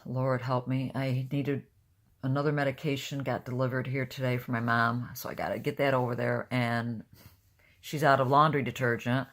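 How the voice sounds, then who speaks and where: A woman's voice: a bass voice, fairly even intonation, normal speed. An older woman talking casually to camera, blunt and rambling, openly emotional. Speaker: vlogger.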